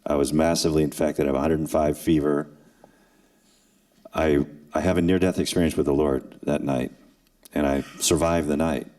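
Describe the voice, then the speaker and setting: A man in his sixties speaks at a forum for students in a deep, low voice. He tells his story in an earnest way, with dramatic pauses and acted quotes. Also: little pitch movement, a little mellow. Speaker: former NFL kicker and forum speaker. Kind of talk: emotional personal storytelling to students. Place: event hall.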